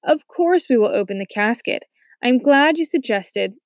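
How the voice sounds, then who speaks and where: Storybook read-aloud: a composed, quick-thinking mother, read by a woman. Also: on the high side, no echo. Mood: falsely eager. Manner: calm, then falsely eager. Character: calm quick-witted mother protecting her family. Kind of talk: audiobook character reading.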